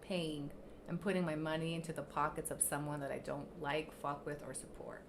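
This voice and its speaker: Ranting at commenters who criticize her, this young livestream host is blunt and swears freely. She speaks fairly quickly in a low, steady voice over background noise.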